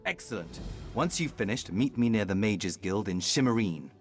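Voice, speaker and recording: An actor playing a vain, haughty high elf nobleman in a video game, speaking in a prim, disdainful manner. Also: animated, normal speed, faint music behind, close to an everyday voice. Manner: pompous, aloof and disdainful. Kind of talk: game voice acting.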